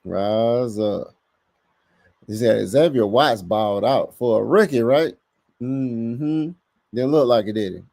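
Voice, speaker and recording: A man hosting a casual live sports podcast, reading the chat aloud and talking back to it with lively bursts of emphasis. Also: mid-range voice, slow, gravelly, dry recording, clean studio sound. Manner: animated, talks to chat, bursts of louder emphasis.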